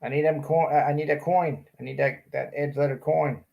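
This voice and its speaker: A man putting on the voice of a pushy, rowdy man loudly demanding his package at the post office, with a bossy drawl. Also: on the high side, fairly even intonation, normal speed, creaky, muffled recording, voice pushed up.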